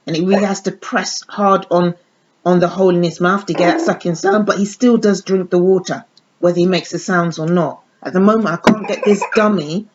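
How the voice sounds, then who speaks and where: Her fairly low, darkish voice carries a casual toy demo as she unboxes a baby doll and coos baby talk at the dolls. The recording is lo-fi and dull, with faint noise.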